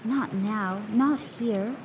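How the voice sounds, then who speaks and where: A woman's voice: a little high, extremely slow, far from the mic, muffled recording. A woman voicing a proud, frightened young woman who speaks in indignant, commanding tones. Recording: steady background noise.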